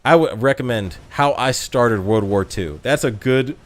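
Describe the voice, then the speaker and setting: A man's voice: medium pitch, expressive, unhurried. A man streaming live, chatting casually with viewers, reading out their comments, laughing often and tripping over his words.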